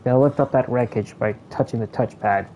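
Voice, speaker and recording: Mellow-voiced man giving game commentary. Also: medium pitch, normal speed, a little hiss or hum, rough recording. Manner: chatty, explains controls. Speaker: gameplay commentator. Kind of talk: casual let's play commentary.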